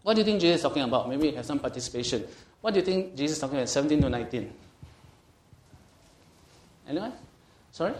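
Man, Bible teacher, slightly high voice, interactive teaching, emphatic, asks questions, reads scripture, echoey room. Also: fast talker, pauses often. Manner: grows animated and emphatic, stretching key words.

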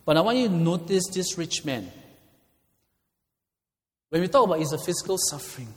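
High-voiced preacher in a reverberant hall. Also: male voice, very animated, moderate pace. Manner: emphatic, swings between loud declarations and hushed asides. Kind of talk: fiery sermon.

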